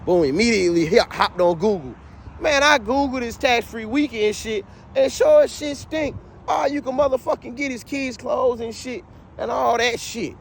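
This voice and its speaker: A man telling a story to the camera in a casual, animated rant. He swears a lot and keeps asking "you know what I'm saying". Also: very high voice, brisk, gravelly, slight background noise.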